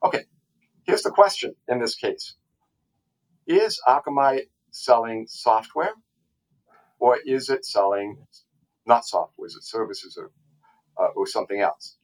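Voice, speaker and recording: A man, a tax attorney guest on a podcast, explaining a legal case in a casual, halting way with frequent restarts and asides. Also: mid-range voice, lively intonation, low-quality recording.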